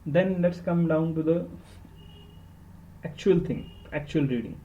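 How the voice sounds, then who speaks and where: A man with an Indian accent talks through study advice in a fairly high voice. He is earnest and emphatic, stacking "very" on "very" to stress a point. The recording sounds dull and lo-fi. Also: measured pace, mellow. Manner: earnest and emphatic, repeats words for stress, switches into Hindi. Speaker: exam topper giving study tips. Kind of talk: instructional podcast talk.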